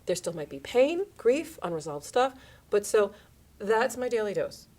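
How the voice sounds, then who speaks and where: Radio host, woman in her thirties or forties, chatty and animated, pitching up and down to act out quoted lines. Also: unhurried. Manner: animated, acts out quoted lines in shifting voices. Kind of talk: casual radio chat.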